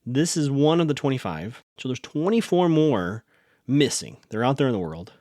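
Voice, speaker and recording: A man's voice: medium pitch, big pitch swings, normal speed, a little mellow, no room sound, studio quality. A man hosting a podcast, recapping a TV episode in a chatty, rambling way and often correcting himself. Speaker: podcast host.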